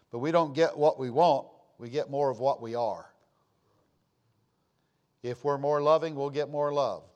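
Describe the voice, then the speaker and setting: A man's voice: mid-range voice, a little mellow. A man preaching a sermon, folksy and storytelling, rising and falling for emphasis.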